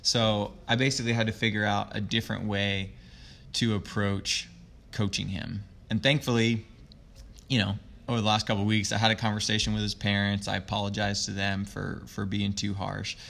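Low gravelly-voiced man, reflective coach. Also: little pitch movement, normal speed. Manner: reflective, earnest storytelling with soft trailing phrases. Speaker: youth sports coach. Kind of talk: conversational interview.

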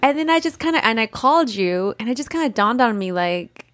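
A woman in casual chat who reacts quickly and joins in on her co-host's story. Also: on the high side, animated, fairly bright tone, dry recording.

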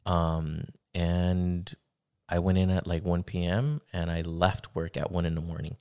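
A young man with a deep, low-pitched voice talks through a personal story on a podcast. He speaks haltingly, looping through fillers and restarts as he goes. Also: fairly even intonation, darkish tone, smooth. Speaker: podcast guest. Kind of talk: casual conversation, personal story.

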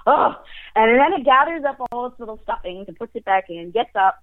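A woman's voice: fairly high pitch, a little fast, no room sound. A woman telling stories in casual conversation, laughing often and acting out quotes. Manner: animated storyteller, laughs often, acts out quotes. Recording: tinny phone line.

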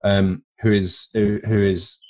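A man's voice: on the low side, level tone, slow. A man from Britain co-hosting a podcast in casual chat, rambling into crude comic tangents. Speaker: podcast co-host.

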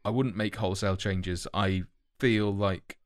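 A man's voice: lowish voice, steady tone, measured pace, clean tone, dry recording, clean studio sound. A man co-hosting a casual podcast chat, talking in loose, self-correcting ramble with many fillers. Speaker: podcast co-host.

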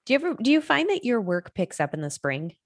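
A woman's voice: a little high, very animated, fast talker, no room sound, clean studio sound. A middle-aged woman, a nutrition coach, co-hosting a podcast and telling a story in a chatty way with many fillers. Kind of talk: casual chat.

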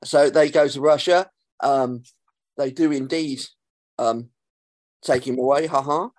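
A man's voice: mid-range voice, unhurried, darkish tone, no room sound. Sarcastic man recapping. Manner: sarcastic, swears freely, many ums. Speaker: podcast host. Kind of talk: casual chat recapping an episode.

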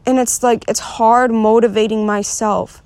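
A woman's voice: on the high side, little pitch movement, a little slow, darkish tone, no room sound. A young woman venting frankly in a rambling, unscripted monologue, swearing freely and full of filler words. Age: young adult. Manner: frustrated and restless. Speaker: vlogger.

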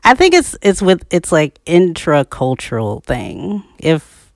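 A lively, emphatic co-host in relaxed conversation, whose voice jumps up in pitch whenever a point lands and who breaks into laughter often. The voice is mid-pitched and recorded close and dry, with no room sound. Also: slow, creaky, dry recording. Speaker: podcast co-host. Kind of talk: casual discussion.

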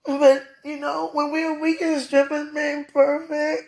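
A woman speaking a heartfelt, tearful prayer and personal message, halting between soft laughs and sighs. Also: sits high, flat delivery.

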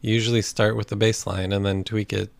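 A man's voice: fairly low pitch, flat delivery, fairly quick, creaky, dry recording. A man co-hosting a podcast in casual chat, laid-back with short interjections. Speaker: podcast co-host.

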